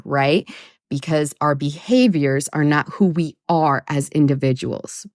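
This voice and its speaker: A woman's voice: deep voice, measured pace, darkish tone, no echo, clean studio sound. A woman hosting a self-help podcast, talking in a blunt, profane, emphatic and self-mocking way. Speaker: podcast host.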